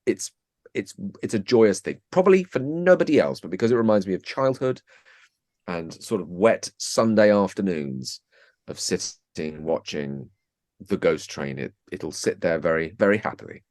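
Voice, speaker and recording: A man with a very low voice talking as a podcast guest. He is chatty and self-mocking. The recording is dry and close to the mic. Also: expressive, moderate pace, darkish tone, dry recording. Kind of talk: casual chat.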